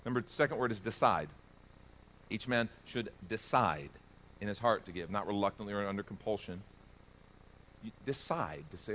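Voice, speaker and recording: A man preaching a sermon as pastor, earnest, rising loud when he reads scripture. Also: on the low side, expressive, normal speed, long pauses.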